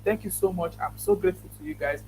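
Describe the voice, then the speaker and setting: Earnest high-voiced Nigerian man. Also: fast talker, music in the background, rough recording. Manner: earnest, many restarts and repeated thanks. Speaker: conference host. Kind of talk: closing remarks to an online conference.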